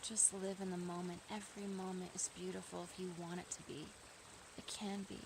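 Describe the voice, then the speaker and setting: Earnest woman musing outdoors, gravelly edge. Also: fairly low pitch, flat delivery, fairly quick, noisy background. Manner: earnest, free-flowing, rising to emphatic bursts. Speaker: vlogger. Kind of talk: casual spoken reflection to camera. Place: outdoors in nature.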